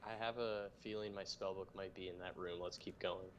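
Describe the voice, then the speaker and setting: A man with a fairly low voice playing a tabletop game in a joking, playful way. A faint hiss sits under his voice. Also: fairly even intonation, fairly quick. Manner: playful, jokey, speaking in character. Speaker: player. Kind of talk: casual tabletop play.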